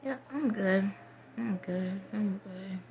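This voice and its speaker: Soft-spoken reflective woman vlogger. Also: medium pitch, takes it slowly, a little hiss or hum. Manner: reflective, rambling, soft-spoken, trails off into whispers. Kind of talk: casual spiritual monologue.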